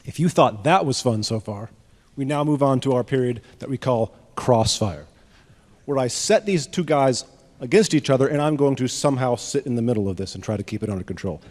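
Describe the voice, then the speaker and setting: A man's voice: medium pitch, animated, a little fast, a little mellow. A man moderating a debate, explaining the format in an informal, easygoing way. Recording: reverberant hall.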